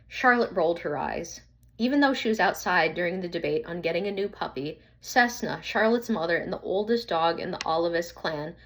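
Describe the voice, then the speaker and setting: Lady reading a kids story out loud, earnest, a bit halting, voice on the low side. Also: creaky. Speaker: narrator.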